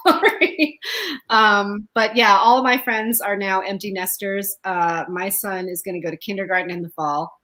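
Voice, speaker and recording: A woman in her fifties doing a stand-up set, telling stories with deadpan punchlines and laughing often. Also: mid-range voice, low-quality recording. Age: 50s. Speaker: stand-up comedian. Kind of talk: stand-up set, casual storytelling.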